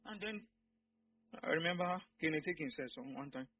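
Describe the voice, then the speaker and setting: A man with a Nigerian accent preaching a sermon, swinging from quiet asides to loud shouts. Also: on the high side, animated, moderate pace, slightly rough, muffled recording.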